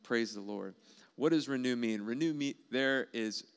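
A man's voice: medium pitch, normal speed, vocal fry, clean tone. A man preaching a sermon in an earnest, emphatic way, repeating key phrases. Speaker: pastor.

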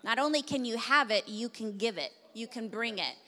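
A young adult woman pastor preaching a sermon in a church, telling an animated story and then praying. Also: fairly high pitch, normal speed. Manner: animated storytelling, laughing at times, then prayer. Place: church sanctuary. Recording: reverberant church hall.

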